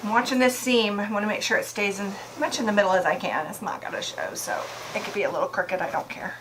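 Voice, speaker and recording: A woman vlogs inside a camper while working on a DIY project, chatting casually and thinking out loud in an upbeat way. Her medium-pitched voice moves fast, she's sometimes out of breath, and the background is noisy.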